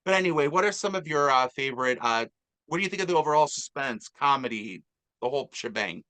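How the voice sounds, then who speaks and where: A man's voice: medium pitch, lively intonation, fast, bright, forceful tone. A man hosting a casual movie review chat, talking enthusiastically and rambling with fillers. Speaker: podcast host.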